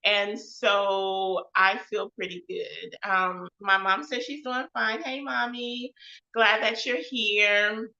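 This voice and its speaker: Loud, upbeat woman hosting a live chat. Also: mid-range voice, fairly even intonation, takes it slowly, muffled recording. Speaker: host of a live web show. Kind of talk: casual livestream chat.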